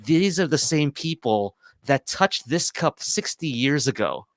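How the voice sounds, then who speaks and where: A man's voice: on the high side, lively intonation, unhurried, dry recording. A man from Canada, a guest on a radio panel, talking in an earnest, rambling way with many restarts. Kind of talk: casual roundtable chat.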